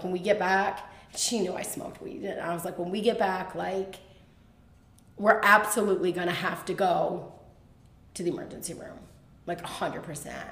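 A woman telling a personal story as a podcast guest, animated and quick, with lots of fillers. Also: on the low side, echoey room.

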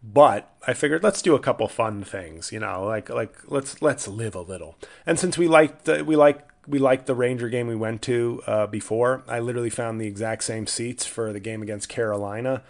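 A man's voice: medium pitch, moderate pace, gravelly, hardly any pauses. A man hosting a casual solo podcast, rambling and self-deprecating with many restarts. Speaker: podcast host.

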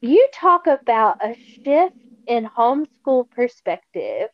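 A woman guest on a podcast talks slowly, animatedly, and acts out the people she quotes. Her voice sits a little high, and the recording is a bit muffled and dry. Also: sing-song, dry recording. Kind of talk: casual faith conversation.

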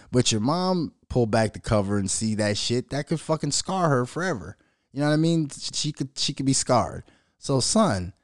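A man's voice: mid-range voice, dry recording, clean studio sound. A man in his thirties hosting his own show, telling profane stories in a casual monologue. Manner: profane, animated storytelling. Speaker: show host.

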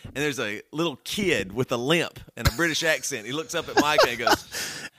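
A man's voice: mid-range voice, moderate pace, dry recording, clean studio sound. A man chatting casually on a podcast, telling stories with lots of laughter and swearing. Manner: animated storyteller, laughs often, swears. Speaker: podcast host. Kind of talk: casual chat.

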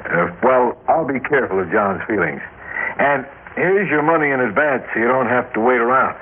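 An actor playing a brash, scheming male TV manager in an old radio drama, talking fast and eagerly. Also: mid-range voice, animated, close to an everyday voice. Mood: brisk. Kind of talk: 1950s radio drama acting. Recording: tinny old radio broadcast, faint hiss.

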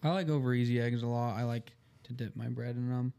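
A man's voice: medium pitch, fairly even intonation, fairly quick, vocal fry, mellow, clean tone. Plain mid voice guy, earnest podcast chatter. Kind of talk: casual chat.

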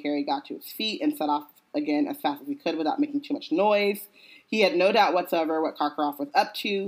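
A woman's voice: low voice, rough recording. A woman co-hosting a casual book podcast, reading passages aloud and breaking off for jokey asides with plenty of "like" and "um". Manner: chatty, jokey asides with lots of "like" and "um".

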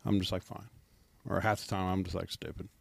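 A Midwestern man in his forties speaks in a low, gravelly voice. He talks in a low-key, dry way, often trailing off. The mic sits close and the sound is dry. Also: flat delivery, very fast, no echo. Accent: Midwestern American. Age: 40s. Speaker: police officer guest. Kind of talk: casual podcast chat.

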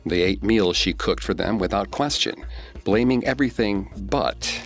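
Deep-voiced man narrating true crime. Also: moderate pace. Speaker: podcast host.

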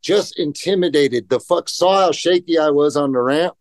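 A man's voice: a little high, normal speed, no echo. A man telling skateboarding stories in a casual podcast interview, rambling and profane, acting out quotes. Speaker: guest, professional skateboarder.

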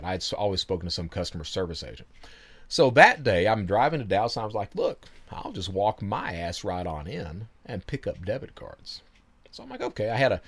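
A man telling his story in a casual interview, animated, laughing often and swearing freely. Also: fairly low pitch. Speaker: guest.

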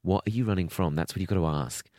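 A man from England co-hosting a podcast, chatting playfully and giggling, swinging between loud and soft. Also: deep voice, quick pace, no room sound, studio quality. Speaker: podcast co-host. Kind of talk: casual comedic chat.

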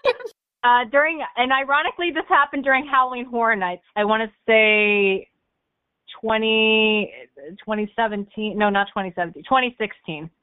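A woman's voice: fairly high pitch, normal speed, no echo. A young woman, a podcast guest, telling stories casually with lots of fillers and laughter. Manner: animated storyteller who laughs often, with fillers like "like" and "um". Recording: tinny phone-like line.

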